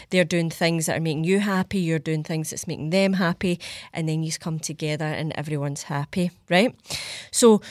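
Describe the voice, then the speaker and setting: A woman's voice: fairly low pitch, no echo, clean studio sound. A young Scottish woman hosting a podcast, chatting casually, swearing freely and acting out little scenes. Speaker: podcast host. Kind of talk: casual solo podcast chat.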